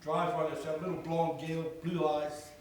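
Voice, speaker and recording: A man in his sixties with a New Zealand accent, giving a humorous, animated keynote speech full of stories and laughter. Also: a little high, moderate pace, slight background noise. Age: 60s. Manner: animated, joking, laughs often. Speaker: keynote speaker.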